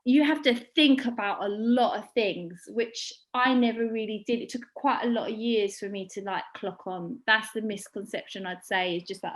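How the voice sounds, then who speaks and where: A woman, a makeup artist, talking casually in an interview, blunt and animated, swearing freely and acting out quotes as she tells stories. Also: medium pitch, normal speed, few pauses.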